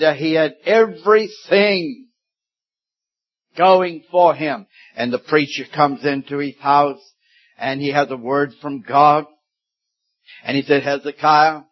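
Slow, emphatic preacher in his seventies. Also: a little high. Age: 70s. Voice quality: slow, deliberate delivery with sudden loud emphatic rises. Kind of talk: sermon. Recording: dull lo-fi sermon recording.

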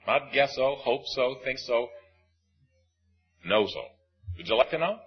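A man preaching a sermon, emphatic and swinging between loud and hushed. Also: medium pitch, lively intonation, measured pace, slightly rough, dull audio, faint music behind.

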